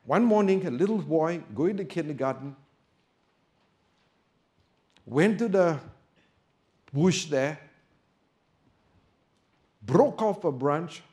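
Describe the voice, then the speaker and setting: This preacher's voice is a little high and animated, and he takes his time, pausing often. He tells a story within a sermon, starting soft and quiet and building to loud, emphatic preaching.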